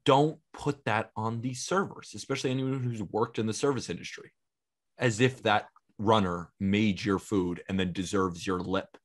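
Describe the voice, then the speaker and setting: A man's voice: fairly low pitch, fairly even intonation, moderate pace. A man co-hosting a podcast, talking casually in a blunt, emphatic way. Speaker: podcast co-host. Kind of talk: casual chat.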